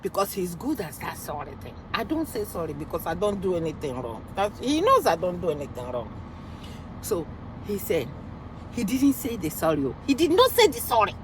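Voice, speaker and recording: A woman with a Nigerian accent telling a story in an animated vlog monologue, acting out voices and slipping into pidgin. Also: on the low side, moderate pace, background noise. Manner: expressive, acts out quoted voices, mixes in pidgin. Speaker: vlogger.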